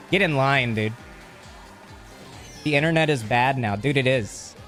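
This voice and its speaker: Male streamer host, casual chat, medium pitch, jokey rambling reads of chat, faint music behind. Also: takes it slowly, fairly bright tone. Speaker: livestreamer.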